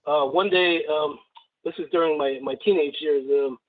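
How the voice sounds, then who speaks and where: Man, caller, rambling and halting, higher voice, tinny phone line. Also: steady tone. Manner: halting, many "like" fillers and restarts. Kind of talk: casual storytelling.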